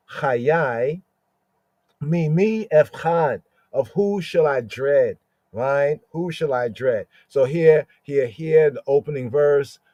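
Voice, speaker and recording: A man with a fairly high but mellow voice teaches scripture on his podcast. He speaks very slowly and keeps circling back with "right?" as he explains each word. The recording is dull, dry and lo-fi. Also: no echo. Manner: slow, repetitive, keeps asking "right?" while explaining words.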